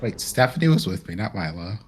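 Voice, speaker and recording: A man's voice: on the low side, sing-song, fairly quick, breathy edge. Jittery male player, faint music. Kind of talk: casual tabletop play.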